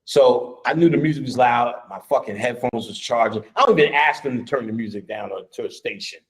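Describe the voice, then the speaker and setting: A man giving a casual, profane live lecture, blunt and swaggering, breaking into laughs and shouts as he gets worked up. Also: mid-range voice, brisk.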